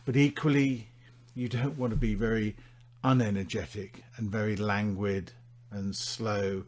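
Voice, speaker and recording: A man teaching presentation delivery, demonstrating his points with big swings in loudness and dramatic pauses. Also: fairly low pitch, steady tone. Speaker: public speaking instructor. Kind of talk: instructional presentation.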